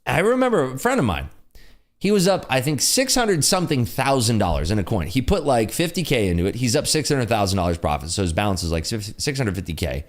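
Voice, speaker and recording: Animated man ranting on a livestream. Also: medium pitch, fairly quick. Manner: animated, ranting, with frequent fillers. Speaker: livestream day-trading host. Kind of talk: casual livestream chat answering viewer questions.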